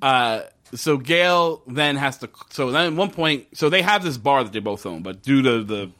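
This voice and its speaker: A man casually recapping a TV episode with a co-host, animated and profane, acting out the characters' lines. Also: medium pitch, moderate pace. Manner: profane, wry. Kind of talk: casual chat.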